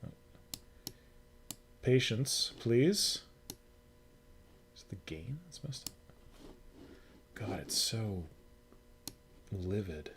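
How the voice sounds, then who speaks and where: Low-voiced man chatting on a noisy stream. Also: big pitch swings, drawn-out words, vocal fry, long pauses, fairly bright tone. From Canada. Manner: chatty, muttering to himself while fiddling with settings. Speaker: livestream host. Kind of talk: casual livestream chat. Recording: noisy home livestream recording.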